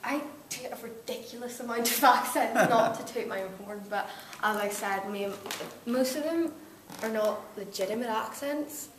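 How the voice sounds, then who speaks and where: A woman's voice: on the high side, moderate pace, hardly any pauses, a little hiss or hum. Giggly young Northern Irish woman. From Northern Ireland. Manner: giggly, playful, self-deprecating. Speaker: actress guest. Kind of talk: casual interview chat. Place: convention venue. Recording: echoey, picked up from a distance.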